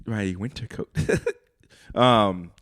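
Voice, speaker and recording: A man's voice: lowish voice, extremely slow, fairly bright tone, no echo, clean studio sound. A man co-hosting a casual beer podcast, arguing insistently and cutting in on his co-host. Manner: argumentative, insistent, interrupts.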